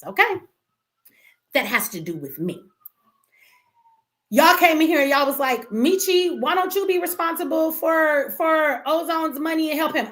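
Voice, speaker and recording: Livestream host, woman, middle-aged; blunt, profane, impassioned; high pitch. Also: pushed and bright. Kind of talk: emotional livestream rant.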